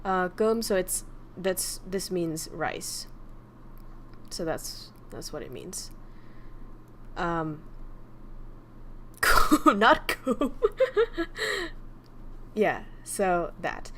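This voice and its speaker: Slow, casual young woman. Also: on the low side, slight background noise. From Vietnam. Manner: chatty, swears casually, teasing the chat. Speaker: streamer teaching a language. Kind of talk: casual livestream lesson.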